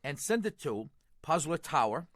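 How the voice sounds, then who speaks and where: Wisecracking Boston radio host, lively and bright. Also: male voice, on the high side, normal speed, dry recording, clean studio sound. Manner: wisecracking, teasing, animated. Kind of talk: jokey call-in radio banter.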